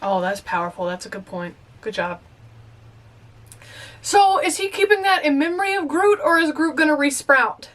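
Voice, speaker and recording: A young woman with a high, bright-pitched voice reacts to a movie she's watching for the first time. She is excitable and emotional, talking straight back to the characters on screen. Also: moderate pace.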